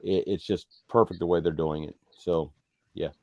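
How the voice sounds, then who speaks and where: A man with a very low voice, talking as a guest on a relaxed online panel. He teases the others with dry humor. His sound is dry and close. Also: normal speed, dry recording, lo-fi sound. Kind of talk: casual panel chat.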